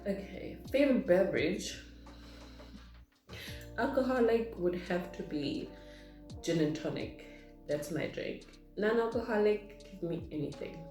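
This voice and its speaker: A woman's voice: medium pitch, lively intonation, measured pace, long pauses, warm tone. Chatty woman, echoey room. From South Africa. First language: Zulu. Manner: chatty, rambling, reads questions aloud then answers. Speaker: vlogger. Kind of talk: casual get-to-know-me Q&A. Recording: echoey room with faint music.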